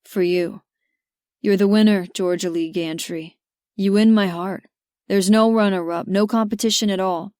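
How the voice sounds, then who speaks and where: A woman's voice: mid-range voice, steady tone, normal speed, dry recording, studio quality, close to an everyday voice. A woman doing a grumpy man turned tender. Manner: soft, earnest. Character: grumpy young cowboy-type man in love.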